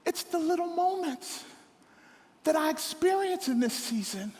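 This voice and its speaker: On stage in a big hall, a middle-aged pastor tells funny stories as a sermon, speaking at a measured pace in a high-sitting voice. His manner is lively and jokey, with playful voices for the other people he describes. Each line trails off in a long hall echo.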